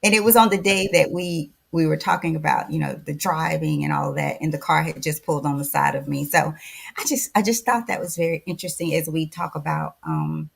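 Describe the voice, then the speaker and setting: An older woman speaks in a low, gravelly and somewhat husky voice. She co-hosts a casual podcast in a chatty, reflective way, pausing and correcting herself as she goes. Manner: chatty and reflective, many fillers and self-corrections. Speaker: podcast co-host.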